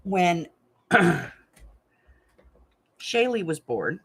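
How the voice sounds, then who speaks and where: A woman's voice: on the low side, sing-song, very slow, breathy edge. An older woman, a craft channel host, chatting frankly and laughing as she tells family stories. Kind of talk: casual storytelling chat.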